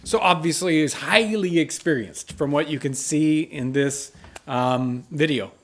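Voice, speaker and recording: A man's voice: fairly high pitch, measured pace. A man hosting the show, giving casual commentary on an interview clip. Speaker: commentator, channel host.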